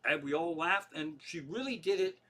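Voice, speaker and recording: A middle-aged man with a Pennsylvania accent tells rambling, profane comic stories from his living room. His voice sits a little high and comes across bright and forceful, full of chatty asides. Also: animated, moderate pace. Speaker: comedian hosting a livestream.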